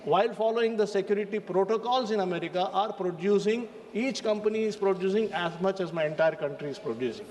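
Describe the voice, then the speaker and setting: A man's voice: high voice, lively intonation, a little fast, a little mellow, in a large hall. A man with an Indian English accent giving a formal, emphatic speech in a parliamentary debate, addressing the chair. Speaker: member of parliament. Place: parliament chamber.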